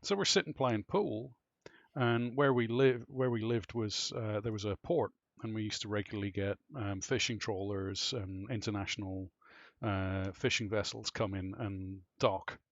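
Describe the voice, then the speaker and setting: A man with an Irish accent telling stories in casual chat with friends on a live stream, animated and swearing freely. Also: fairly low pitch, normal speed, dry recording, dull audio. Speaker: streamer chatting with clanmates.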